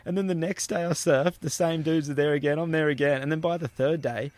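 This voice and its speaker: A man's voice: fairly high pitch, brisk, no echo. A young Australian man from the Gold Coast telling stories in a casual podcast chat, swearing casually and acting out the people he quotes. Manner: animated, swears casually, acts out quoted voices.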